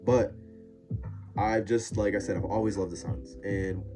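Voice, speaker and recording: A young man chatting casually to camera, slangy and digressive, getting loud and worked up as he goes. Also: on the low side, flat delivery, measured pace, over music. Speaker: vlogger. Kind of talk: casual rambling chat.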